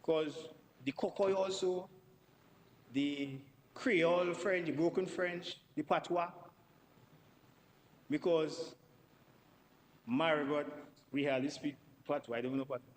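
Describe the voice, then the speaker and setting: A man's voice: fairly high pitch, takes it slowly, pauses often, in a large hall, a little hiss or hum, low-quality recording. A man giving a parliamentary debate speech, emphatic and repeating words for stress. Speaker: member of parliament. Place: parliament chamber.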